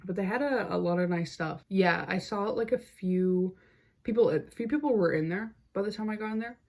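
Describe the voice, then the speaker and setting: A woman's voice: medium pitch, normal speed, darkish tone. A young woman hosting her own podcast, telling a story in a casual, chatty way, full of "like" fillers and wry asides. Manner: chatty, heavy use of "like" fillers. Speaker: podcast host.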